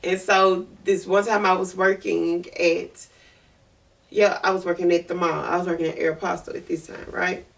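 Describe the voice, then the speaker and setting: A woman podcast host telling a personal story in a chatty, animated way, full of fillers. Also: fairly low pitch, normal speed, creaky. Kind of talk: casual storytelling. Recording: voice distant from the mic.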